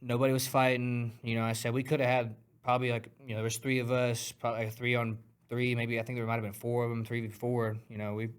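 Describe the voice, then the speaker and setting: A man guest on a talk podcast, telling a story in an animated, profane way, acting out punches with sound words. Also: medium pitch, fast, hardly any pauses, smooth. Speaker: guest fighter.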